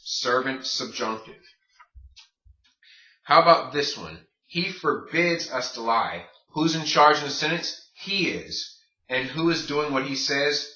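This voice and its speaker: Walking his class through Spanish grammar one step at a time, a man poses rhetorical questions along the way. His voice is medium in pitch, pushed and bright, heard in a distant, roomy, muffled recording.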